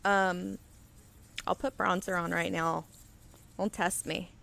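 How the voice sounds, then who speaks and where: A woman with a low voice and a gravelly edge hosts a live painting stream. She talks in a loose, rambling way and reads comments from viewers aloud as she works. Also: little pitch movement, slow pace, a bit bright. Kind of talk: casual chat while demonstrating. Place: indoor studio under flood lighting. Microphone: webcam on auto settings.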